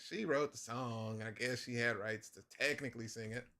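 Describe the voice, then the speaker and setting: A man's voice: medium pitch, normal speed, vocal fry. A middle-aged man hosting a live comic-drawing stream, chatting casually and acting out his own outbursts as he tells stories. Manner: animated storyteller, acts out his own outbursts. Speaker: livestream host drawing a comic. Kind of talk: casual chat while working.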